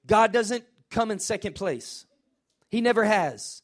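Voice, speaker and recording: A middle-aged pastor, preaching a lively sermon and calling out to his congregation. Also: high-pitched, brisk. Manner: energetic, call-and-response with congregation. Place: church sanctuary.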